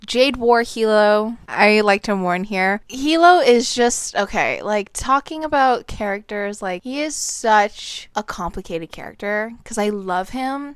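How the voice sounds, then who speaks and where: Smooth-voiced young woman ranting about books. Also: medium pitch, a bit bright, no echo, studio quality. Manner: emphatic, swears a lot, frequent "like" fillers. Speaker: book reviewer. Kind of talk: casual book review vlog.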